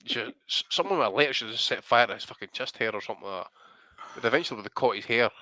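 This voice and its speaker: A man, co-hosting a podcast in casual banter, swearing a lot and ranting excitedly. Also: mid-range voice, very fast, no echo. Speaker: podcast co-host.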